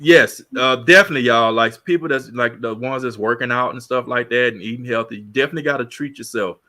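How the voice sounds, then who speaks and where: A man's voice: mid-range voice, quick pace. A man in his fifties co-hosting a casual chat, joking and laughing as he tells stories. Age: 50s. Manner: laughing, joking, animated storytelling. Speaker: podcast co-host.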